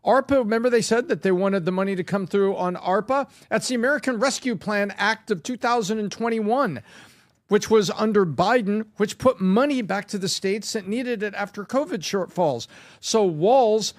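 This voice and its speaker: A man's voice: high-pitched, moderate pace, no room sound. A man in a heated podcast discussion, emphatic and repeating words for effect. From Canada. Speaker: political commentator, podcast guest.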